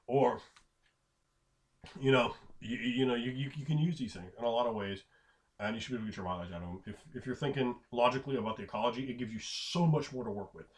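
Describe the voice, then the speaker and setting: A man's voice: medium pitch, quick pace. A tired man rambling casually about running tabletop games, swearing now and then and acting out characters as he goes. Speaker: game master giving advice. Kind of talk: casual tabletop gaming talk.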